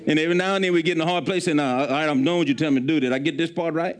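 A man pastor, preaching a sermon with an emphatic, repetitive cadence that slows on key phrases. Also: a little high.

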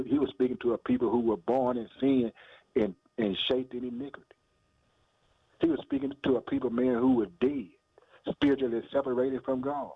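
A man's voice: mid-range voice, slightly rough, no echo. A man preaching a radio sermon, firing rhetorical questions and calling listeners "boy" and "man," with laughs and hallelujahs between lines. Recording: tinny phone-like radio sound.

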